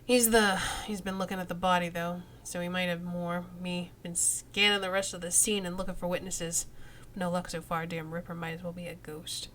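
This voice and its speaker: A shady plainclothes cop in a cyberpunk game, put on by a woman, talking in a slick, wheedling, streetwise way. His voice sits fairly low, and his delivery is lively. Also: normal speed, slight background noise, natural voice. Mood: wry. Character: sleazy male cop fishing for bribes, sly.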